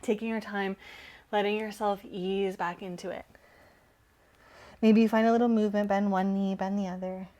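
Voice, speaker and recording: A woman instructor giving calm, encouraging yoga cues while moving, slightly out of breath. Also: medium pitch, moderate pace, pauses often, lo-fi sound. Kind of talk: guided yoga class cues.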